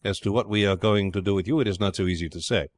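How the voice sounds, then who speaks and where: A man's voice: on the low side, fast talker, no echo, clean studio sound, close to an everyday voice. A man voicing a brusque, mocking privateer captain who speaks bluntly and commandingly in a storybook reading.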